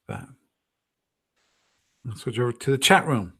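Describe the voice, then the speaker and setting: A man's voice: medium pitch, big pitch swings, a little slow, vocal fry, a bit bright, breathy edge. A man hosting a live stream, chatting casually and thinking aloud, with frequent restarts and self-deprecating asides. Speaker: host of a gaming livestream.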